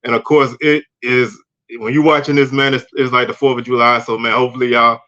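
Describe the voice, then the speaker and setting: A man's voice: medium pitch, little pitch movement, fairly quick, sharp tone. A man hosting a casual online show, laid-back and dropping "man" into his sentences. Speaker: host. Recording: dull lo-fi audio.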